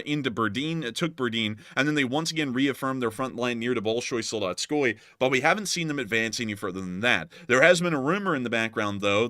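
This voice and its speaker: A man giving casual news commentary as host, animated with joking asides. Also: medium pitch, no echo, clean studio sound.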